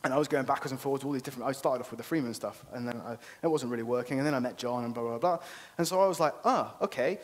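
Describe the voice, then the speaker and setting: A man's voice: mid-range voice, racing. A man giving an earnest, persuasive conference talk and often checking in with "okay?". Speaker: conference speaker. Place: conference venue.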